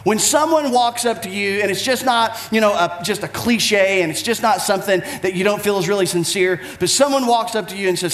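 A man's voice: high-pitched, fairly quick, hardly any pauses, a bit bright, reverberant. A man preaching a sermon as pastor, with an emphatic, repetitive cadence.

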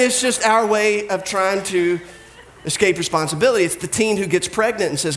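In a reverberant recording with slight background noise, a pastor delivers a conversational, relaxed sermon. His fairly high male voice stays humorous and direct, and he breaks into quick impressions of people he describes.

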